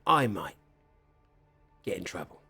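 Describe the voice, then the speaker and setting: A man doing a quiet, evasive shady shopkeeper. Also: low-pitched, big pitch swings, takes it slowly, creaky, husky, no echo, faint music behind, voice pushed down, exaggerated voice. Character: shady middle-aged male shopkeeper, evasive and wary.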